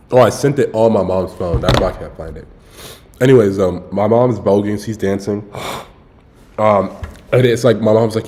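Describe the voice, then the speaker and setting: A man's voice: fairly low pitch, moderate pace, long pauses, dark tone. A young man streaming, telling a story in a loose, slangy way with lots of swearing. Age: young adult. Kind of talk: casual storytelling livestream.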